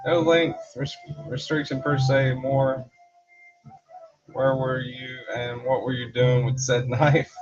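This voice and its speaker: A man's voice: mid-range voice, level tone, takes it slowly. Rambling man hosting a garage livestream. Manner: rambling, with many fillers like "you know" and "uh"; laughs often between remarks. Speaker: livestream host. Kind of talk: casual livestream chat, reading out viewer comments. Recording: slightly dull livestream audio with faint background music.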